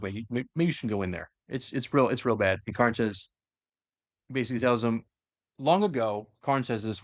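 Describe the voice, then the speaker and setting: A man's voice: medium pitch, no room sound, clean studio sound. Casual man retelling a story. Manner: animated, acts out quotes, frequent fillers. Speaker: podcast host retelling lore.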